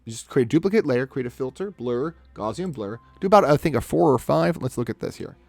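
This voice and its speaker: A man's voice: mid-range voice, animated, fast, creaky, darkish tone, no echo, soft background music. A man chatting casually on a live stream as he edits photos and talks himself through each step.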